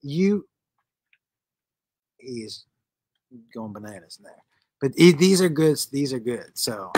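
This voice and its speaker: A man's voice: mid-range voice, very animated, slow pace, a little mellow, slightly rough, dry recording. Man, host, middle-aged, loose and giggly, rambling, dry close mic. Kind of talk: casual chat while high.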